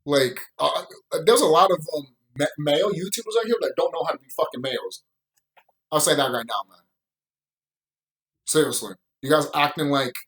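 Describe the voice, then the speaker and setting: A man's voice: on the high side, fairly bright tone, poor audio. A man giving a casual, profane opinion commentary on a show, ranting with bursts of laughter. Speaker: YouTube show reviewer.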